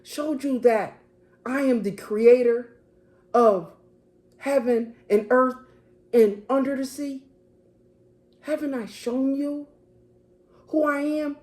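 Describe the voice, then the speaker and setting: A woman voicing Jesus as a gentle, reassuring man who asks pleading questions in a sermon. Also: very high voice, measured pace, long pauses, pitched above the performer's own voice. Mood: gentle, hushed.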